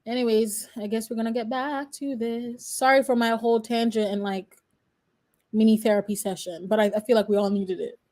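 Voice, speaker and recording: A woman's voice: on the high side, steady tone, brisk, warm tone. A woman in her twenties, a law student reacting live and chatting straight to her viewers. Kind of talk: live reaction stream commentary.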